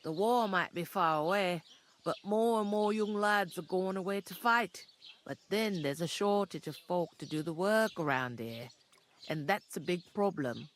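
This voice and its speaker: A woman's voice: fairly low pitch, moderate pace, a little hiss or hum, lightly acted. A woman voicing a chatty, earthy village tavern keeper in a game, talking in a folksy, gossipy way. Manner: gossipy, homely, folksy talk.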